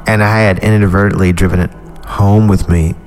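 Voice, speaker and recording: A man's voice: lowish voice, steady tone, a little fast, a little mellow. A male podcast host reading a horror story aloud, breaking off into rambling, irreverent comic asides.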